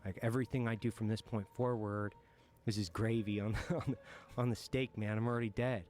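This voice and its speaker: A military veteran telling war stories in an interview, frank and profane, reflective at times and breaking into nervous laughter. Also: male voice, on the low side, steady tone, brisk, a little mellow. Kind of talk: candid war storytelling in a podcast interview.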